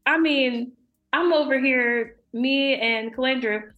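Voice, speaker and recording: A young adult woman, a podcast guest, talking casually and warmly about faith and laughing often. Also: high-pitched, takes it slowly, roomy sound, faint music behind. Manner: warm, chatty, laughs often.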